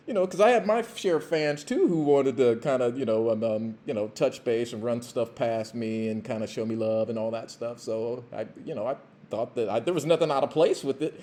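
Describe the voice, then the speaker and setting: A former professional football player hosts a podcast and tells a casual story, rambling and halting with many fillers and restarts. His voice is mid-range and mellow.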